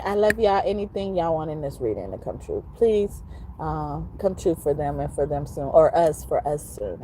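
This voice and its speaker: A woman's voice: sits low, a little hiss or hum. A woman who gives spiritual readings, signing off in a rambling, affectionate casual talk, often ending lines with "okay?" and laughing. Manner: breaks into soft, slow crooning singing. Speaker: tarot reader. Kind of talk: casual spiritual sign-off monologue.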